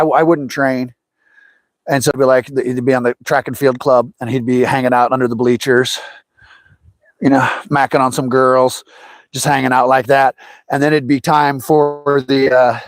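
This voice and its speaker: On his fishing livestream, a middle-aged man with a mid-range voice rambles through anecdotes in casual chat, using lively voices for anything he quotes. No room sound is audible.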